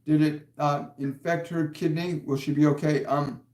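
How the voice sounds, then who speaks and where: A man's voice: a little high, little pitch movement, normal speed, a little mellow, reverberant. A man giving a live-streamed spiritual talk as a medium, answering viewer questions in an earnest, insistent way and repeating key words for stress.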